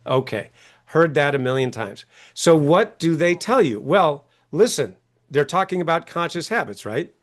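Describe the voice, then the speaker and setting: Emphatic man guest, slightly high voice. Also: animated, normal speed. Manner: emphatic, acts out quoted voices, frequent "right?". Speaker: author and coach, guest. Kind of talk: animated interview talk.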